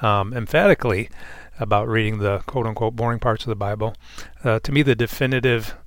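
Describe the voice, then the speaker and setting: A man's voice: fairly low pitch, brisk. A man on a Bible discussion panel speaking earnestly and reflectively, often repeating words as he gathers his thoughts.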